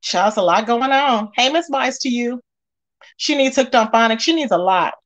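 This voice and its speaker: Casting: high-pitched woman host, sassy, scolding gossip commentary. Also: lively intonation, moderate pace. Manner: sassy, emphatic, scolding asides. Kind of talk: casual gossip commentary reading chat.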